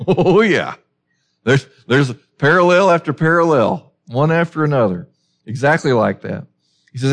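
A man's voice: a little high, expressive, measured pace. A man preaching a sermon as a pastor, emphatic and full of rhetorical questions.

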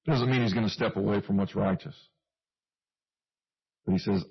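Male preacher, husky gravelly voice, easygoing sermon, muffled lo-fi recording. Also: lowish voice, normal speed. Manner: conversational, with self-deprecating asides and chuckles.

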